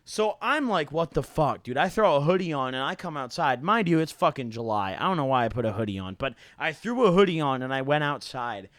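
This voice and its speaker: A man's voice: fairly high pitch, sing-song, brisk, few pauses, fairly bright tone, no echo. A young man telling a rambling, slang-heavy story to his viewers, full of "like" and "dude" and casual swearing. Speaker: YouTuber.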